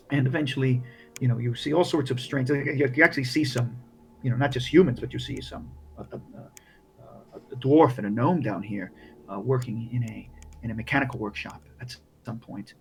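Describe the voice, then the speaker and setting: A man's voice: medium pitch, normal speed, vocal fry, slight background noise. A man narrating as game master, rambling with many restarts. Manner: rambling, full of fillers and restarts.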